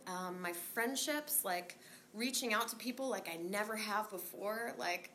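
A woman telling her recovery story in a candid, rambling way, swearing freely, laughing often and filling pauses with um and like. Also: medium pitch, a bit bright, slight background noise. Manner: rambling with many fillers. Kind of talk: casual spoken recovery story.

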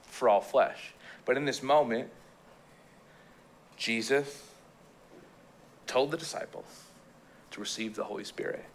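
A male pastor preaching a casual sermon, telling stories in a jokey, animated way and slipping into playful quoted voices. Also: medium pitch, a little hiss or hum. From Canada.

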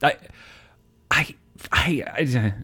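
A man's voice: medium pitch, extremely slow, pushed and bright, breathy edge, no room sound. A man co-hosting a casual chat show, telling rambling stories laced with profanity. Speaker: podcast co-host.

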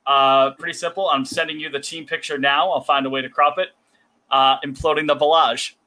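A man co-hosting a podcast, chatting casually and teasing his friend with quick jokes. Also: on the high side, flat delivery, bright, forceful tone. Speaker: podcast co-host. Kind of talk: casual chat.

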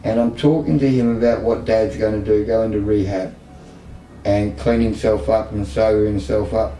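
A man's voice: lowish voice, steady tone, moderate pace, mellow, soft background music. A middle-aged Australian man talking openly and emotionally about his life, with blunt, self-mocking humor. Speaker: service user guest. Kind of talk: candid conversational storytelling. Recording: echoey room, distant mic, faint background noise.

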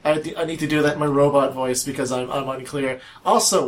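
A man co-hosting a casual podcast, giggly and crude, his voice slightly hoarse. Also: mid-range voice, fairly even intonation, a little fast. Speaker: podcast co-host. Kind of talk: casual chat.

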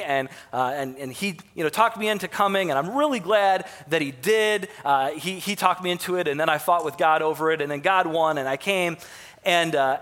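A pastor in his thirties from Michigan, with a Michigan accent, delivers a sermon in a church sanctuary with long hall reverb. His voice is high, bright, and forceful, and his style is folksy and self-deprecating, packed with fillers and restarts.

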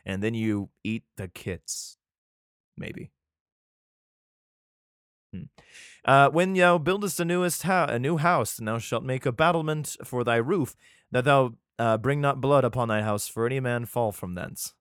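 A man's voice: medium pitch, moderate pace, fairly bright tone, clean tone, dry recording, clean studio sound. A man reading archaic scripture aloud, stumbling over words and breaking off into irreverent, swearing, joking commentary. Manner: stumbles and restarts while reading archaic text.

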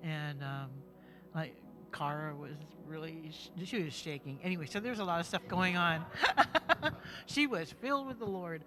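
A man with a slightly high voice shares a church testimony casually, circling back and filling pauses as he talks. Music plays clearly in the background the whole time. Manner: rambling, hesitant, many fillers. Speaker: congregation member sharing testimony.

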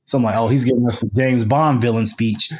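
A man's voice: mid-range voice, steady tone, a little fast, darkish tone. A man, a podcast guest, telling a story in a casual, colloquial way with lots of fillers and restarts. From United States.

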